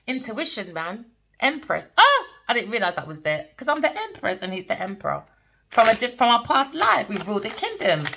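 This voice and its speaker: A woman with talks through a tarot reading, her pitch leaping around in a lively, sing-song way. She rambles and preaches in a blunt, casual manner, swears freely, and keeps checking whether you understand. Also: background noise. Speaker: tarot reader. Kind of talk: casual spiritual monologue.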